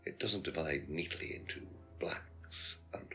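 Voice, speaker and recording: A smug, very deep-voiced lecturer. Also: male voice, unhurried, gravelly, sharp tone, faint music behind, full character voice. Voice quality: pompous, dismissive. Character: smug condescending male lecturer under questioning. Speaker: suspect in a detective game. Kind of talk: FMV game acting.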